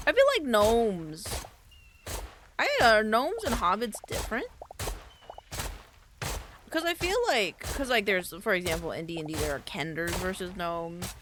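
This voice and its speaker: Animated young woman streamer, rambling chat. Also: medium pitch, a little slow, pauses often, background noise. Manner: rambling, thinking aloud, playful. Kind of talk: casual gaming stream chat.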